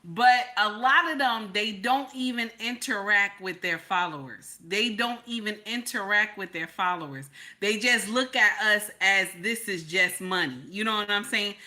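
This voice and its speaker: A woman's voice: medium pitch, moderate pace, hardly any pauses, bright, forceful tone. A woman giving casual reaction commentary, repeating herself with rhetorical questions and exclamations. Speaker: commentary vlogger.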